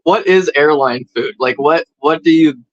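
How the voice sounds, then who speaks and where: A man on a podcast speaking loudly and bluntly, swearing freely. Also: on the high side, moderate pace, lo-fi sound, crowd noise. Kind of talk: casual podcast chat.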